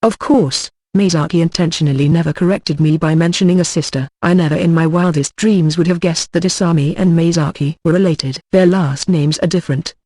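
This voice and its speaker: A man narrating an audiobook in the first person, with a tense, puzzled tone. His voice sits a little high for a man. The sound is dry and close to the mic, with no room echo. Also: steady tone, brisk, hardly any pauses, mellow.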